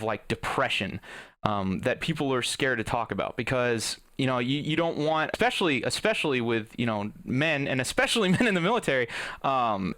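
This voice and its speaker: A man's voice: mid-range voice, a bit bright, no echo. Young guy ranting into his desk mic, swears a lot, rambles, super dry close sound. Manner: profane, rambling, earnest, lots of fillers and restarts. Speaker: YouTuber host. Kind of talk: casual rant to camera.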